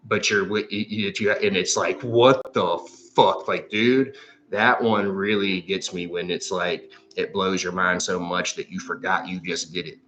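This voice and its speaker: Low-voiced rambling man, casual storyteller. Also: level tone, moderate pace, hardly any pauses, bright, forceful tone, slight background noise. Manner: rambling, heavy swearing, many fillers. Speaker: psychic livestream host. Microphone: livestream microphone.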